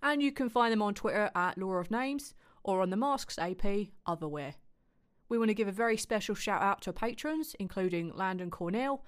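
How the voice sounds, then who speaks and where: A woman with a smooth, clear voice reads a podcast outro, chatty and playful. She drifts into offhand asides. Her pitch sits in an ordinary middle range. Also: animated, normal speed. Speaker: podcast host.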